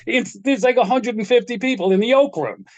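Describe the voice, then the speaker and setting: A man's voice: very high voice, moderate pace, no echo, highs cut off. An older man, a guitar technician, telling rambling stories in casual chat, often chuckling and restarting his sentences.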